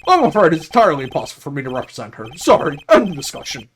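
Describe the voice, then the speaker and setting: A man voicing a pompous older male lawyer who dodges questions in a grand, drawn-out manner. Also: a little high, huge pitch swings, background noise. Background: video game music.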